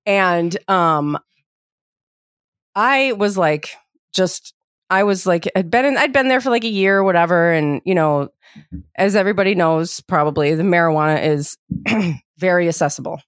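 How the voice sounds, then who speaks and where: A woman's voice: fairly low pitch, normal speed, long pauses, smooth, dry recording. Rambling woman podcast host, dry mic. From lived abroad as a teen, international school. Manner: rambling, many "like" fillers, animated retelling. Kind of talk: casual storytelling chat.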